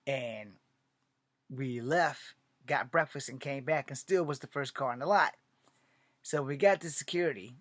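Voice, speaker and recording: A man from Virginia, an aspiring filmmaker, speaks unhurriedly in a medium-pitched voice, pausing often, with no room sound. In a casual monologue he tells a long personal story, profane and animated, acting out other people's lines.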